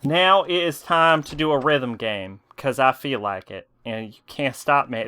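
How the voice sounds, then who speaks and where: Giddy, profane male streamer with a crisp, bright voice. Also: medium pitch, a little slow, few pauses. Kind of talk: casual gameplay commentary.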